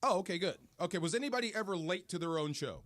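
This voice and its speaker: A man chatting on a sports radio show, his pitch jumping around as he reacts and jokes. His voice sits a little high for a man. The studio sound is dry and close. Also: dry recording. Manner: animated, quick reactions and jokes. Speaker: co-host. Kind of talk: casual sports radio chat.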